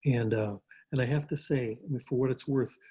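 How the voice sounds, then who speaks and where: Husky older man telling stories. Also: mid-range voice, steady tone, a little fast, warm tone, poor audio. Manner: rambling, repeats words, restarts often. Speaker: interview guest, actor. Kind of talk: casual storytelling interview. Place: home.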